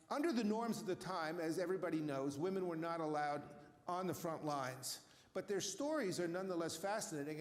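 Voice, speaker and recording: Older man lecturing in an echoey hall. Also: on the high side. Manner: relaxed, with frequent fillers and restarts. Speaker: author giving a talk. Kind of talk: lecture with slides.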